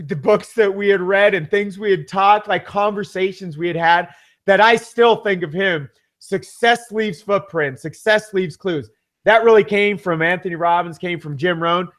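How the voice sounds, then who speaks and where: A man co-hosting a webinar, giving a fervent, rambling sales pitch that repeats his points for emphasis. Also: fairly bright tone. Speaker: webinar co-host pitching a business system.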